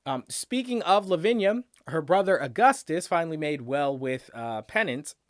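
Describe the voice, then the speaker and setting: A man with a slightly higher voice recaps a TV episode at an easy pace. He rambles and thinks aloud as he goes. The recording sounds dry and close, with little room sound. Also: very animated, normal speed, dry recording. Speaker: reaction channel host.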